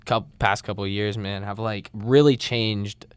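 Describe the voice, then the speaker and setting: A young man in his late teens chats as a podcast guest, easygoing and full of slang. His voice is low and smooth, recorded close and dry. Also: steady tone, normal speed, dry recording. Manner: laid-back, slangy. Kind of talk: casual podcast chat.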